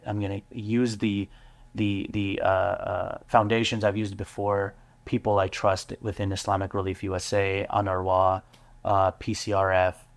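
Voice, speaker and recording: A man, a business owner, telling his story in an interview, earnest and halting with many fillers and restarts. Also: lowish voice. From United States. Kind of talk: candid interview talk.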